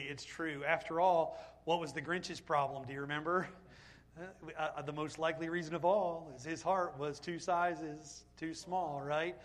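A man preaching a sermon, animated and full of questions to the congregation. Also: on the high side. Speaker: pastor.

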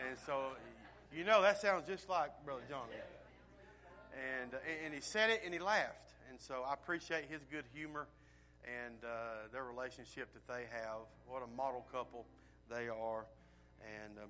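A pastor speaks to his congregation in a bright, ringing voice with a faint hum behind it. He talks in a folksy, unhurried way, leaning on "uh" and "um" while his loudness swells and drops. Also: medium pitch. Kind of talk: church welcome and announcements.

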